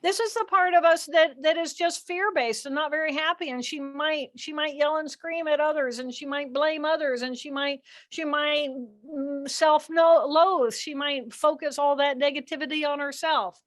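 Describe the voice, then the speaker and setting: An older woman giving an animated, expressive teaching talk outdoors by the water, acting out inner voices as she explains. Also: high-pitched, normal speed, hardly any pauses. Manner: expressive, acts out inner voices with dramatic shifts. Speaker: guest speaker, neuroanatomist.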